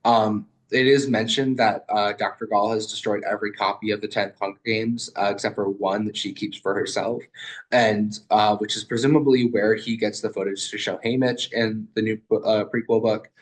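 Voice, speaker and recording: A man's voice: on the low side, steady tone, moderate pace, rough recording. A young man and student giving a casual, rambling literary video essay over a video call, with lots of fillers and swearing.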